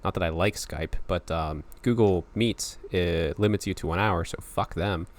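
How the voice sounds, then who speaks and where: A man's voice: low-pitched, normal speed. A young man hosting a casual video-call podcast, rambling, laughing and swearing freely. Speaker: podcast host. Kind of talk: casual chat.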